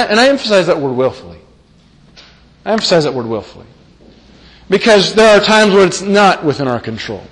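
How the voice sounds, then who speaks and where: A man's voice: sits high, a bit bright. A man preaching a sermon, emphatic, who repeats key phrases and asks the listeners rhetorical questions. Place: church meeting hall. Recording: long reverb of a large hall.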